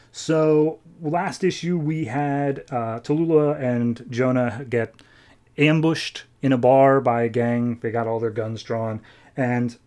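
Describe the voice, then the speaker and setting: A man hosting a podcast, casually recapping a comic issue and paraphrasing the characters in quick, chatty asides. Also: mid-range voice, darkish tone. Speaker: podcast host.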